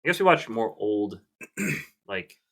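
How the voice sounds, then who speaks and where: A man's voice: on the low side, very animated, slow, a bit bright. A man in his thirties co-hosting a podcast, talking in a rambling, hesitant way with many fillers. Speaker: podcast co-host. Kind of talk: casual chat.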